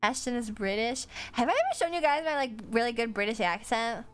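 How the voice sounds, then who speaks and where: Woman streamer with a high voice, loose and swearing, over faint background music. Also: very animated, brisk, fairly bright tone. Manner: chatty, swears freely, answers chat, laughs often. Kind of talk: casual stream chat while drawing.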